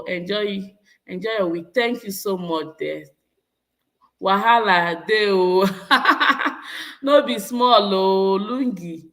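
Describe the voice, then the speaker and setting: A woman's voice: medium pitch, fairly bright tone. A Nigerian woman in her thirties chatting casually with viewers, laughing often and switching between English and Pidgin. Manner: laughs often, slips into Pidgin, repeats herself. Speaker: vlogger reading live chat. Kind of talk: casual live-stream chat.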